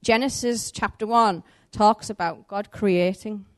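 A woman's voice: medium pitch, unhurried. Woman preaching a story-filled sermon. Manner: animated, conversational, acts out the story's voices.

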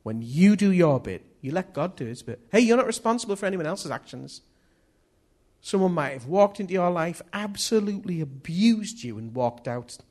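A man's voice: sits high, animated, moderate pace, darkish tone. A man preaching a sermon in an earnest manner, often repeating key phrases.

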